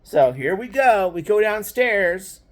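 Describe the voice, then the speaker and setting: An older man with a fairly high voice recounts a childhood memory in an easygoing, meandering way. He keeps checking in with his listener and chuckles wryly at the harsh parts. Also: big pitch swings, slow pace. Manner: rambling, checks in with frequent "right?"; laughs wryly at grim memories. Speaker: grandfather storyteller. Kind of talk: casual personal storytelling.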